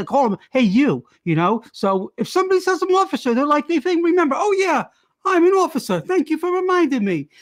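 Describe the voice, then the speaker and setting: Woman, improv comedian, rambling, meandering tangents, video call, middling pitch. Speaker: improv performer.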